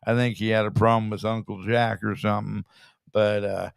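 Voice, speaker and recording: A man's voice: fairly low pitch, flat delivery, normal speed, creaky, smooth, no echo, clean studio sound. A man hosting a casual chat show, blunt and swearing freely. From California. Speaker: show host.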